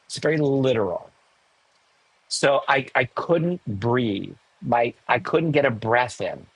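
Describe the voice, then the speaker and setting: A man in his sixties, a podcast guest, telling a personal story candidly, emotional and animated with self-mocking asides. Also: mid-range voice, takes it slowly, creaky, husky, no room sound, low-quality recording. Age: 60s. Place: home in the hills above a large city.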